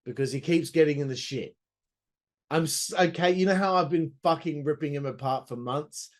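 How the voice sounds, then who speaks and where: A man hosts a casual wrestling review in a voice that sits a touch high. He rambles through the recap and keeps dropping crude joking asides. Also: moderate pace. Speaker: host.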